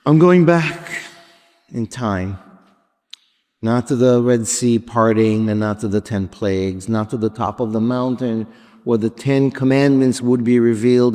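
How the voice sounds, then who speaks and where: A male rabbi preaches in a mid-pitched voice and carries the story along with pauses and soft dips. His words trail off into the long reverb of a large sanctuary. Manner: reflective, dramatic pauses and shifting volume. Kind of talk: sermon with storytelling. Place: large sanctuary before a congregation.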